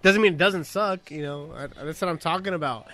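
A man with a bright, slightly higher voice, chatting casually on a podcast. He talks with animated energy, swears freely and laughs often. His tone is loose and unguarded. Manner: profane, animated, quick to laugh. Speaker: podcast co-host. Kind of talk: casual chat.

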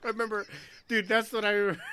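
A former Marine telling profane barracks stories in casual chat, laughing often. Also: male voice, high-pitched, flat delivery, fast, very noisy.

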